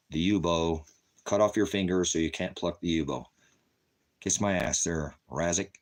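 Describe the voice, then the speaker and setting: A man's voice: low voice, fairly even intonation, normal speed, pauses often. A middle-aged man running a ministry livestream, talking to his chat in a profane, combative, taunting way. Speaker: ministry host.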